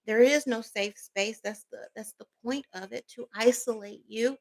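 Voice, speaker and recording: A woman's voice: fairly high pitch, moderate pace. A woman vlogger telling a personal story in a casual storytime monologue, rambling, emphatic and swearing freely.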